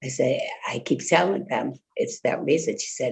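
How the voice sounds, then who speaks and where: This older woman's voice is rumbling low, creaky, and darkish, delivered at normal speed. In casual chat with fellow congregants, she rambles through a story laced with fillers and quoted lines.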